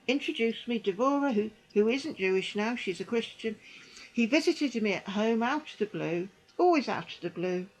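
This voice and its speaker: Here a slightly high-pitched middle-aged woman tells her own story as a vlogger describing church experiences. She speaks with indignation and emphasis, repeating phrases, and the recording quality is low.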